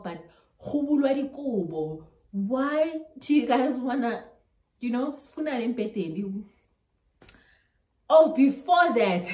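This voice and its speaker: A young South African woman with a South African accent tells a storytime vlog in animated style, mixing local-language words into her English. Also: fairly high pitch. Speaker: YouTuber. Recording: roomy echo.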